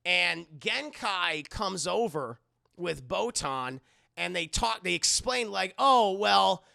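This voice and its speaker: Gravelly, high-voiced man recapping for chat. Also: slow pace. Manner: animated, profane storytelling with acted voices. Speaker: anime review streamer. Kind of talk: casual recap talking to live chat.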